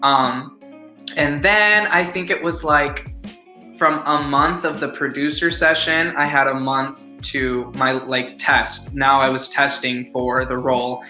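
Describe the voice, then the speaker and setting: A man's voice: medium pitch, steady tone, slow pace, sharp tone. A young man, an actor as interview guest, telling a story in a casual, rambling way with lots of fillers. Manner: rambling, filler-heavy "like", upbeat. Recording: echoey room with faint music.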